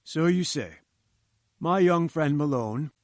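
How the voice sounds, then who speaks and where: Man playing a haughty old professor, lectures down to people, fairly high voice, dry close sound. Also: animated, slow, no echo. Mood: condescending. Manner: condescending, lecturing. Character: pompous, patronizing older male professor. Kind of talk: audiobook reading.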